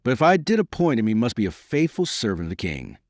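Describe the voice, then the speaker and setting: A man voicing a vain, excitable duke who protests in a flustered way in an audiobook reading. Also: medium pitch, fast, dry recording, clean studio sound. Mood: protesting.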